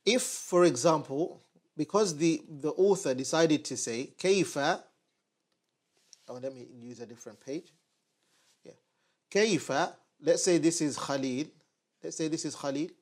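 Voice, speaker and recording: A man teaching a language lesson at a board, patiently repeating short phrases slowly so learners can follow. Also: on the high side. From United Kingdom. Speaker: Arabic teacher. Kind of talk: online lesson at a whiteboard.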